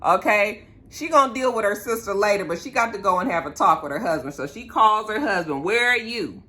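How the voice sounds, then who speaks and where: A woman recaps a reality episode in a loose, chatty vlog. Her voice is bright and forceful. She is sassy and profane and keeps tossing asides straight to her viewers. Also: mid-range voice, animated, a little fast.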